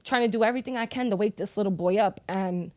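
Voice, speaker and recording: Talking fast in a medium-pitched, darkish voice, a grieving young mother guesting on a podcast tells the emotional story of losing her son. She's frank and swears often, and the recording has no room sound.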